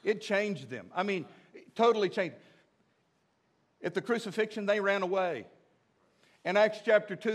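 A male pastor preaching a sermon in an emphatic, repetitive way. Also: high-pitched.

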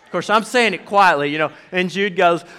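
Man, pastor, Southern accent, church sermon, lively storytelling, forceful tone. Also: high-pitched, brisk, smooth. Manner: animated storyteller, acts out quotes. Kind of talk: sermon with personal stories.

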